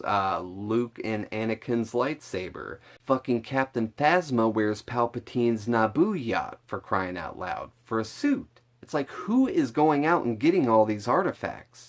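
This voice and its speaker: A man vlogging casually to camera, excitable and rambling, with lots of swearing and filler words. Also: fairly low pitch. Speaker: vlogger reviewing a film trailer.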